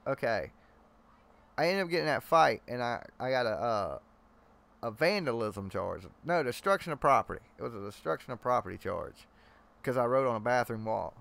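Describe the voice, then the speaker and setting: A man's voice: mid-range voice, expressive, normal speed, creaky, fairly bright tone. A young man hosting a live chat stream, joking and rambling in loose, slangy talk to his viewers.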